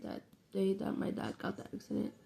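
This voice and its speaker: A woman's voice: mid-range voice, very animated, a little fast, creaky, mellow. A young woman telling a rambling, slangy, profane story in a casual vlog. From New York City. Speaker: vlogger.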